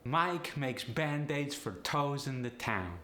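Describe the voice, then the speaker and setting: A man putting on a Polish accent in English, with forward resonance, a rising inflection and slow, even example sentences. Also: mid-range voice, a little hiss or hum, pitched above the performer's own voice. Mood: demonstrating. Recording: roomy echo.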